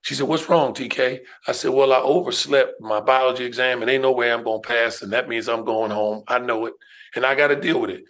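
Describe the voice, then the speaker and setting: A man's voice: mid-range voice, brisk. Casting: middle-aged man from New York, podcast guest, emphatic storyteller, mid-range voice. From New York, USA. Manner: emphatic, animated storyteller who addresses the listener with "man" and "right?". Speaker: guest, educator and speaker.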